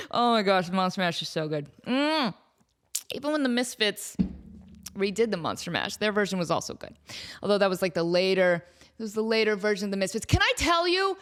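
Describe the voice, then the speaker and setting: A woman hosting a casual solo podcast, excitable and rambling, who keeps breaking into sung snippets and laughter. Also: fairly high pitch. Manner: talks to her cat. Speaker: podcast host.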